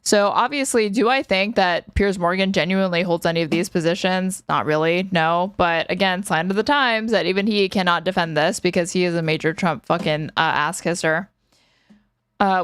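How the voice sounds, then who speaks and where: A woman's voice: lowish voice, a bit bright, smooth, dry recording, clean studio sound. A woman streaming live, commenting on news clips in a sarcastic, profane, offhand way. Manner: sarcastic, profane, quick asides.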